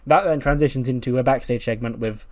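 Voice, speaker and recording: A man's voice: medium pitch, quick pace, a little mellow. A man casually narrating a wrestling management game playthrough, chatty and laughing at his own jokes. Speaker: game commentator.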